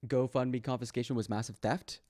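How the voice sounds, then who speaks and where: A man's voice: medium pitch, fairly even intonation, a little fast, darkish tone. A man with a mid-range voice hosts a loose live stream, reading posts aloud and answering them with dry sarcasm. He talks straight to his chat in a casual, mocking tone. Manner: reads posts aloud, then mocks them.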